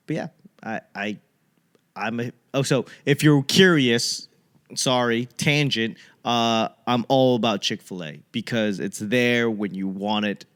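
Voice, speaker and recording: A young man from the Boston area riffs through a loose comic monologue as host of his own podcast. He talks casually and profanely, wanders off on tangents, and drops into quick voices for other people. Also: mid-range voice, clear, resonant tone. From Boston area, USA. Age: young adult. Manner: rambling, profane, animated impressions of others.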